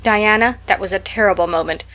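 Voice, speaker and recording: A woman's voice: medium pitch, fairly quick, a bit bright, close to an everyday voice. A woman voicing a talkative, imaginative young orphan girl who tells stories in a breathless, dramatic way. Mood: gushing.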